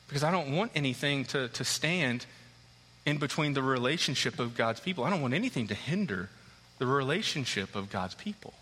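A man in his thirties preaching a sermon, an animated storyteller who acts out the scenes as he tells them. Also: medium pitch, brisk, husky. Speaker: pastor. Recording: long hall reverb.

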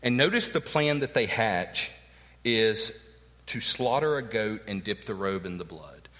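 A man's voice: fairly low pitch, lively intonation, measured pace, sharp tone, in a large hall. A man preaching a sermon, emphatic and earnest, acting out the words of the people in his text. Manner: emphatic preaching, acts out quoted lines. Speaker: pastor.

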